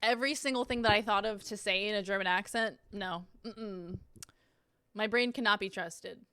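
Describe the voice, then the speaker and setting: A woman's voice: mid-range voice, moderate pace, pushed and bright, smooth, dry recording, clean studio sound. A young woman streaming at home, chatting casually in a giggly, rambling and self-deprecating way as she reacts.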